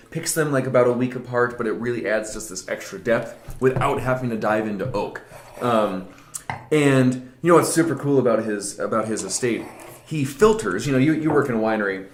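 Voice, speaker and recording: A man co-hosting a casual wine tasting show, talking with enthusiasm and animated energy. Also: mid-range voice. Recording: echoey room.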